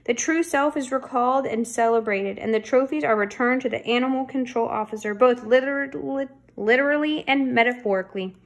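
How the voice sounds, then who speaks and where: A woman's voice: on the high side, a little fast, hardly any pauses, voice pushed up, lightly acted. A woman voicing a pompous older male boss who makes grand, flowery speeches in a storybook reading. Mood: grandiose.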